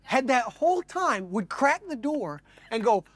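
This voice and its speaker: High-voiced man telling wild stories. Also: unhurried, very noisy. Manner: animated, acts out voices in his stories; frequent fillers like "like". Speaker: storyteller host. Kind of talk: casual anecdote telling.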